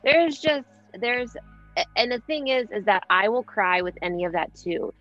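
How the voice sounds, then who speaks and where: A woman co-hosts a casual podcast in a higher voice, reacting bluntly and swearing freely. Her sound is somewhat muffled and dull, with faint music underneath. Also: expressive, normal speed. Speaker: podcast co-host. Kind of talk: casual chat.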